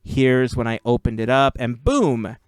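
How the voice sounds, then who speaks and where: A man's voice: mid-range voice, animated, smooth, dry recording. A man hosting a podcast, chatting casually and telling stories with easy laughs. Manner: chatty, laughs easily, drawn-out storytelling. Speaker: podcast host. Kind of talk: casual chat.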